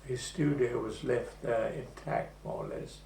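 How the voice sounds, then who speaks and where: A man in his eighties recalling the past in an oral history interview, telling his story slowly and with pauses. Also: mid-range voice, wildly swooping pitch, gravelly, warm tone. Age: 80s. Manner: slow, measured storytelling with pauses. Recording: echoey room with faint hum.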